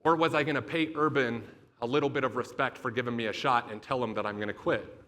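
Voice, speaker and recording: A man's voice: medium pitch, fairly even intonation, quick pace, sharp tone. A young adult man giving a motivational keynote speech, telling a personal story in an emphatic, profane and confessional way. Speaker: motivational speaker.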